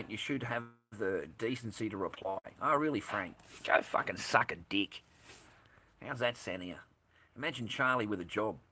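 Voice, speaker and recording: A man's voice: medium pitch, pushed and bright. An Australian man hosting a casual livestream, rambling and swearing bluntly as he answers his live chat. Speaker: livestream host.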